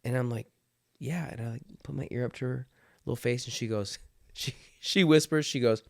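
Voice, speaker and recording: Casting: man in his thirties, casual podcast co-host, animated storyteller who laughs a lot. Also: mid-range voice, normal speed, gravelly. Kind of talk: casual chat.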